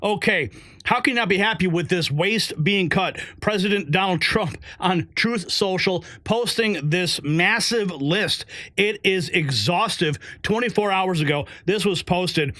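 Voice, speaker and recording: High, bright-voiced excitable male host. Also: unhurried, no room sound, clean studio sound. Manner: excitable, exclaiming and laughing. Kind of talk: animated political commentary.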